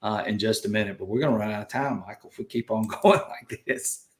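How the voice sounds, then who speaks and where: A man's voice: on the low side, brisk, roomy sound, a little hiss or hum. Southern man hosting a casual livestream. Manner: folksy, upbeat, reads viewer comments aloud. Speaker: livestream host. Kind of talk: casual live chat.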